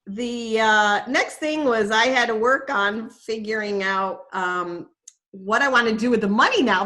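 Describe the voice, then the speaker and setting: A woman's voice: medium pitch, fairly bright tone. A middle-aged woman, a nature preserve educator, telling a story in a casual, chatty way, with plenty of fillers and self-corrections.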